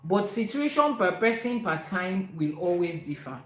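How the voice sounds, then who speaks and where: A woman's voice: fairly low pitch, sing-song, normal speed, a bit bright, slight background noise. A woman, teaching as an Ifa priestess, emphatic and quoting proverbs. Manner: emphatic, repeats key words, quotes proverbs. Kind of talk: spiritual teaching talk. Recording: echoey room.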